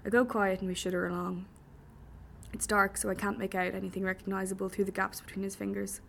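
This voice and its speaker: A woman's voice: mid-range voice, little pitch movement, quick pace, vocal fry, a bit bright, slight background noise. A woman reading a first-person story with dry humour. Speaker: audiobook narrator.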